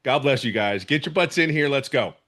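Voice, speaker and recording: A man's voice: mid-range voice, animated, fairly quick, fairly bright tone. Fired-up middle-aged man. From Philadelphia. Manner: emphatic, repeats himself, fired up. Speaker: student sharing a testimonial. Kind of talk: casual spoken testimonial.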